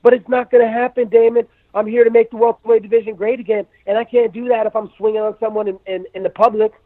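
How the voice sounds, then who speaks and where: Man, brash, profane, high-pitched, dry phone sound. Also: little pitch movement, fast, dry recording. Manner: brash, profane trash talk; acts out quotes in raised voice. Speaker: MMA fighter, guest. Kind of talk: phone interview. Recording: dry tinny phone line.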